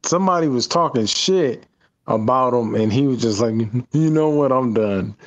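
A man's voice: medium pitch, lively intonation, moderate pace. A man chatting casually on a stream in a laid-back way, swearing and laughing. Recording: dull muffled audio.

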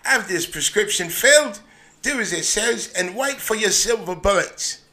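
A man's voice: high-pitched, animated, moderate pace, bright, forceful tone. A man doing a clinical British army doctor. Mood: matter-of-fact. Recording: echoey room with crowd.

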